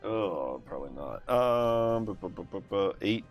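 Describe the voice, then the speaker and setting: A man playing a tabletop game, animated, stuttering while he tallies rolls. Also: lowish voice, unhurried, over music. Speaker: player. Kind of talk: casual tabletop play.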